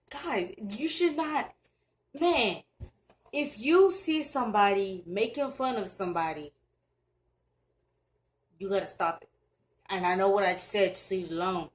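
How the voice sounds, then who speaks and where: An earnest young woman with a medium-pitched, lively voice gives advice in a casual vlog. She speaks haltingly and restarts often, recorded roughly on a camera mic while she looks down at the screen.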